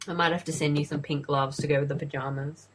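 Australian woman co-host, husky, low, loose swearing movie chat. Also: steady tone, fast talker, low-quality recording. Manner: swearing, laughing, filler-heavy chat. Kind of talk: casual movie watch-along commentary.

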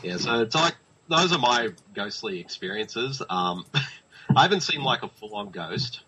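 A man's voice: medium pitch, animated, normal speed, background noise. A young man co-hosting a podcast, chatting casually and rambling with many fillers. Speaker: podcast co-host. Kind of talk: casual chat.

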